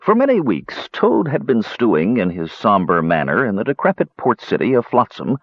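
A man reads a fantasy tale aloud with very lively, swooping intonation. His voice is a little husky. The recording is dry and somewhat dull. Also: fairly low pitch, moderate pace, dry recording. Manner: expressive storytelling. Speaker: narrator. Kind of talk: audiobook fantasy narration.

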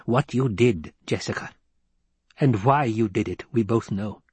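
A man reading as a commanding old woman, husky voice, dry close sound, clipped and stern. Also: fairly low pitch, a little slow, dry recording. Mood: gentle. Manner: commanding and clipped, softening at times. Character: stern old woman, a domineering religious elder. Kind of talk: audiobook character reading.

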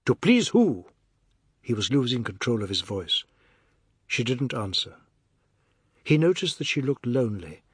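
Brief: male narrator, breathy texture, dead-dry booth, steady literary read. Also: mid-range voice, no room sound. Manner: measured, even storytelling. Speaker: audiobook narrator.

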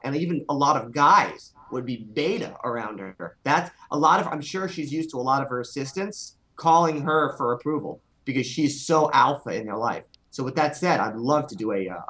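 A man of middle pitch holds forth in a casual chat. He is blunt and crude, slowing down to lean on the words he wants to stress. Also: pushed and bright. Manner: emphatic, crude, drawls key words.

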